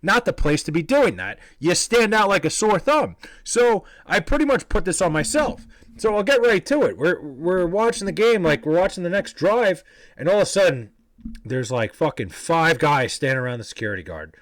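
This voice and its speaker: A young man from New York casually telling a story, animated, profane and self-deprecating. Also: sits high, normal speed, no echo, rough recording. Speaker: vlogger telling a personal story.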